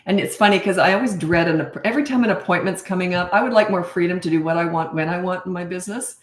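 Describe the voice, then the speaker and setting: A woman's voice: lowish voice, fast talker. A woman in her sixties, a parenting coach, answering viewer questions in a blunt, emphatic and opinionated way. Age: 60s. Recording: echoey room.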